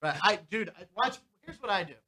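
A man's voice: high voice, animated, brisk, a crowd in the background. A man hosting a sports and comedy show, chatting casually and laughing often. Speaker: host.

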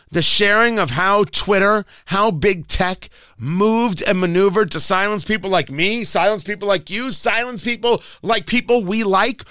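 A man's voice: sits high, sharp tone, no room sound, clean studio sound. A male talk radio host delivering a combative, sarcastic political rant.

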